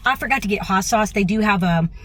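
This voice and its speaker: Excited lady vlogging in her parked car on a phone, mid pitch, faint hum behind. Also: fast. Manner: enthusiastic, gushing. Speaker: travel vlogger. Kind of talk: casual vlog chat. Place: parked car in a parking lot.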